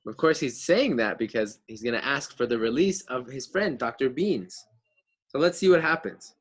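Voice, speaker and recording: A man's voice: medium pitch, lively intonation, moderate pace. A man teaching a fifth grade class, reading a book aloud and stopping to explain words and ask the kids questions.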